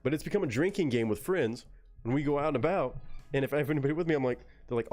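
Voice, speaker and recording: A Texan man tells stories on a casual live stream, cursing freely and mimicking people in quick put-on voices. His voice sits at a middling pitch, and faint music plays behind him. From Texas. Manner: profane, animated storytelling with mimicked voices. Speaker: streamer reading chat.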